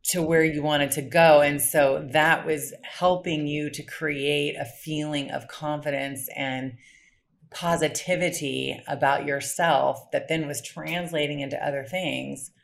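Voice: medium pitch, steady tone, measured pace, vocal fry, fairly bright tone. A podcast host in casual conversation, enthusiastic and rambling, often restarting phrases while thinking aloud. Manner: enthusiastic, rambling, repeats words as thoughts form.

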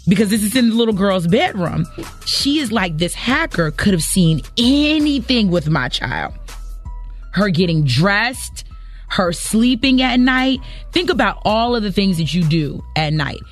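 A woman's voice: mid-range voice, animated, moderate pace, soft background music. A woman hosting a morning radio show, chatting casually and emphatically, exclaiming as she tells a story. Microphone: studio microphone.

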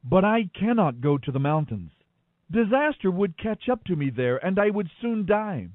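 A man's voice: high-pitched, very animated, moderate pace, dry recording, narrow, tinny audio. A man reading scripture, voicing a desperate old man who begs and pleads urgently. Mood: pleading. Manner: begging, urgent.

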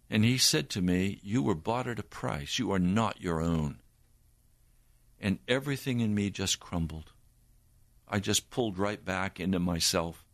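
An older man, a preacher, giving an earnest personal testimony in a slow storytelling manner. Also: low voice, dry recording.

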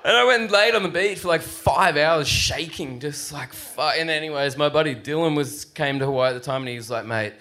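A man's voice: on the high side, fairly quick, few pauses, bright, forceful tone. A man telling a story in a casual, profane way, putting on raised voices for the people he quotes. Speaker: guest surfer.

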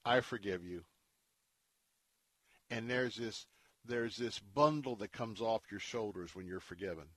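A man hosting a Christian radio talk show, speaking in an earnest, preacherly way and dropping to a hushed tone when he tells a story. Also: fairly low pitch, normal speed, no echo. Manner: earnest, preacherly, drops to a hush for stories.

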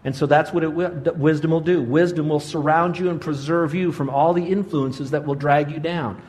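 A man in his sixties preaching a sermon, telling a story with animated delivery and acted-out quotes. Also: moderate pace. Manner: animated storytelling, voices quotes with big pitch jumps. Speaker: pastor.

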